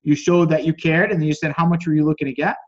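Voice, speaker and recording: A man's voice: quick pace, lo-fi sound. A man coaching on a group call, reading out chat messages, critiquing them, and acting out quoted lines. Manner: acts out quoted dialogue with lively pitch jumps. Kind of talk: casual teaching on a group call.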